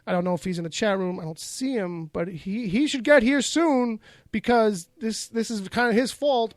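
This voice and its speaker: High-voiced, laughing podcast host man. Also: moderate pace, dry recording, clean studio sound. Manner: rambling, laughs often, repeats himself. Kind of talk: casual podcast chat.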